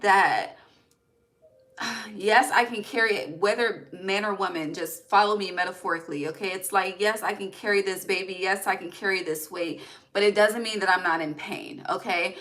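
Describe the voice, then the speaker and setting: Pushed and bright, at medium pitch and normal speed, a young woman's voice delivers a casual tarot reading. Emotional to the point of almost crying, she curses openly and fills gaps with "okay" and "all right."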